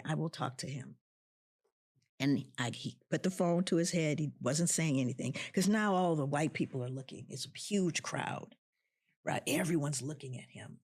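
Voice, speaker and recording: A middle-aged woman with a husky, fairly low voice tells a personal story with deep feeling. Her pitch swings widely as she acts out other people's voices and repeats key lines for emphasis. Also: darkish tone. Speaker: professor of social work, guest. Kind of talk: emotional storytelling.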